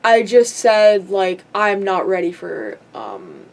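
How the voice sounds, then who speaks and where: A woman's voice: mid-range voice, very animated, slow pace, vocal fry. A young woman telling a rambling storytime vlog, full of likes and ums and giggling asides. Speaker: vlogger.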